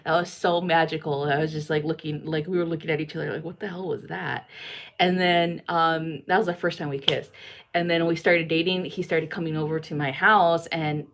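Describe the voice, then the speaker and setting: A woman's voice: low voice, fairly even intonation, fairly quick. A woman psychic reader chatting casually to viewers in a rambling way, with lots of fillers and swearing.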